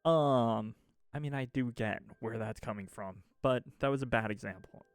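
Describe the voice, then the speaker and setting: A man's voice: medium pitch, normal speed, clear, resonant tone, dry recording, soft background music. A man streamer venting to chat in a rambling, exasperated way, swearing often and laughing mid-sentence. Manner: rambling with restarts and filler. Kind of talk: casual ranting chat.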